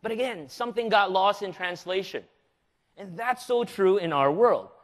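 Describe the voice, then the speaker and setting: A man from the Philippines giving a live conference presentation, energetic and joking, often throwing questions at the audience. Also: high-pitched, normal speed. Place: large conference hall. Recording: long reverb of a large hall.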